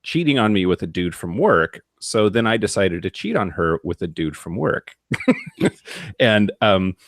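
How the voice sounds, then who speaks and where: A man with a very low voice tells his story as a guest in a casual chat. The sound is dry and close. He talks candidly, in quick bursts. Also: very animated, dry recording.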